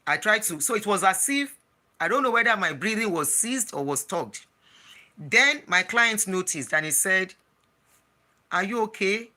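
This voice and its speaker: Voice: mid-range voice, expressive, normal speed, bright, forceful tone. An adult with a Nigerian accent telling a personal story in a casual vlog, chatty and slipping into Pidgin, with frequent restarts. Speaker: travel and lifestyle vlogger.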